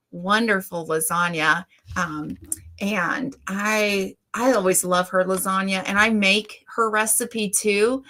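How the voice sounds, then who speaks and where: With a bright, forceful tone and a slightly high voice, a middle-aged livestream host chats casually, welcoming viewers by name.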